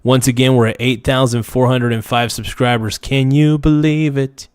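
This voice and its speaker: A male livestream host riffing casually over clips, loose and jokey. His voice sits at an ordinary middle pitch and the sound is close and dry, with no room around it. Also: steady tone, normal speed, darkish tone, clean tone, dry recording. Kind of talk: casual reaction commentary.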